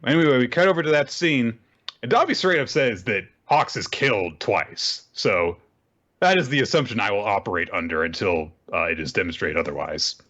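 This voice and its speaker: Recapping manga as a podcast co-host, a man with a voice on the low side talks at a normal speed over dull-sounding audio. He's an animated storyteller in this casual chat, retelling scenes and performing the quoted lines.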